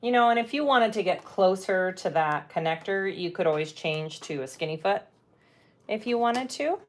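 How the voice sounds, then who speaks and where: A woman's voice: medium pitch, lively intonation, moderate pace, a little hiss or hum. A middle-aged woman hosting a casual sewing livestream, chatting playfully, laughing often and reading viewer comments aloud. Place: home sewing room.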